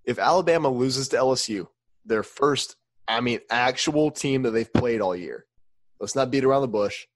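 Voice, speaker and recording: A young man co-hosting a casual sports podcast, jumping in with emphatic, incredulous reactions. His voice sits at a middle pitch for a man. The recording is dry and close. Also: animated, moderate pace, dry recording. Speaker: podcast co-host.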